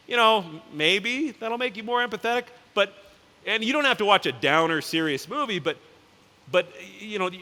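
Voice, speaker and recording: The keynote comes from a CEO whose voice has a fairly high pitch and a sharp tone. He's casual and anecdotal, rapidly voicing characters from his stories, and the large conference hall adds noticeable reverb.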